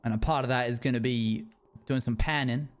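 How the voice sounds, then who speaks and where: A man's voice: medium pitch, fairly even intonation, fairly quick, clear, resonant tone. A man streaming a survival game, talking to himself in character with folksy rustic phrasing and frequent chuckles. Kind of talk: in-character role-play narration.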